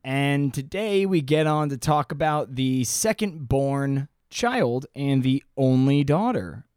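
A man's voice: medium pitch, animated, slow, darkish tone, clear, resonant tone, no room sound. Male podcast co-host, joking, riffing banter, dry sound. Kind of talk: casual comedic banter.

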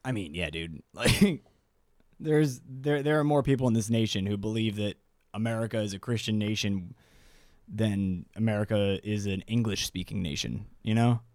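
A man's voice: fairly low pitch, moderate pace, darkish tone, no echo, studio quality. Rambling, profane man on a podcast. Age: 30s. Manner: loose, profane, rambling with restarts. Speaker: podcast co-host. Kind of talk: casual podcast chat.

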